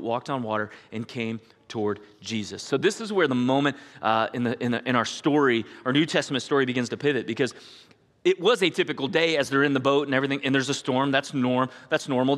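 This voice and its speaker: A man's voice: mid-range voice, a bit bright. A middle-aged man preaching a sermon as pastor, telling stories animatedly, acting out voices and asking the congregation questions. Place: church sanctuary. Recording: long hall reverb.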